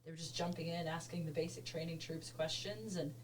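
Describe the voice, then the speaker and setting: A woman from Canada, a soldier guest chatting casually in a plain, steady way. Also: deep voice, fairly quick. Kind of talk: casual interview chat. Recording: distant mic with faint noise.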